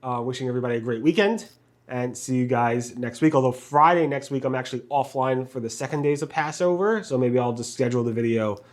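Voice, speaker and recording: A man rattles off a weekly roundup of search news in a quick, casual delivery. He trips over words now and then, restarting phrases and filling gaps with ums and uhs. His tongue is sore from a bite, so his speech is a little impeded. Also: medium pitch. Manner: fast talker with many fillers and restarts.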